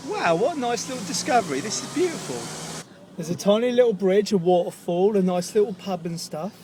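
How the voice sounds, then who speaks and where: A young man with a southern English accent talks to his camera from the car, chatty and joking. His voice sits high for a man. Traffic and road noise stay clearly audible behind him. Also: expressive, brisk, a little mellow. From England. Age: young adult. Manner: chatty, jokey, talking to camera. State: groggy in the morning. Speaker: vlogger. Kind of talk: casual daily vlog. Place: car and street, outdoors.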